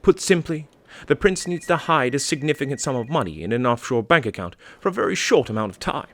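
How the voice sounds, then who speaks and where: A man playing a polite, smooth-talking English phone scammer in a comedy sketch, formal and unflappable, with an English accent. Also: medium pitch, lively intonation, brisk, fairly bright tone. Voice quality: velvet smooth, courteous.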